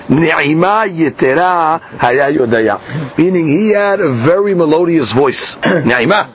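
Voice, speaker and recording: A man teaching a Talmud class. He reads each line slowly and then explains it in plain English. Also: fairly high pitch, fairly bright tone. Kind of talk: Talmud class, reading and translating. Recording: dull lo-fi class recording with faint hiss.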